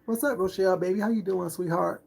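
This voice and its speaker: A man's voice: high voice, steady tone, fast talker, gravelly, darkish tone. A middle-aged man in a casual live-stream chat as a food vlogger, talking in a sassy, boastful, flamboyant way.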